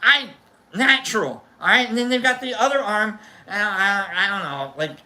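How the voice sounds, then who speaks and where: A man's voice: sits high, animated, brisk, bright, forceful tone. A man hosting a casual chat show, rambling with lots of restarts and jokey asides. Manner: rambling, self-interrupting, jokey. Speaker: host.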